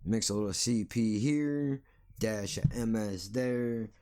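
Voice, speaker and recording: A man's voice: lowish voice, takes it slowly, dark tone. A man hosting a solo podcast, ranting bluntly and sarcastically with plenty of swearing. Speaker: podcast host.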